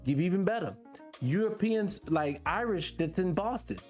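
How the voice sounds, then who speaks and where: A middle-aged man hosts a radio show in a loose, rambling monologue. His voice sits a little high for a man and swings widely in pitch, leaping up whenever he presses a rhetorical question. Faint music plays underneath. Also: moderate pace. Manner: animated, rhetorical questions, pitch jumps when excited. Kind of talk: casual monologue to listeners.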